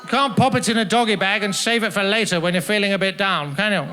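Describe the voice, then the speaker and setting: A high-voiced man does stand-up, teasing front-row audience members with florid, mock-formal wording. His pompous delivery plays over loud, steady laughter from a live crowd. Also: normal speed, noisy background. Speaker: stand-up comedian. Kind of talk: stand-up comedy with crowd work. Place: comedy festival stage.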